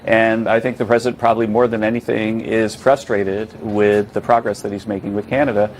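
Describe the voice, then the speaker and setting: Man, low voice, news interview guest, measured, hedging, faint noise. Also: little pitch movement, a little mellow.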